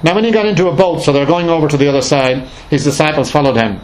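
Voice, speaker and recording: This fairly high-pitched man talks fast over a faint hiss or hum on a low-quality recording. Leading a casual Bible study, he reads passages aloud and unpacks them with emphasis, often restarting and using fillers.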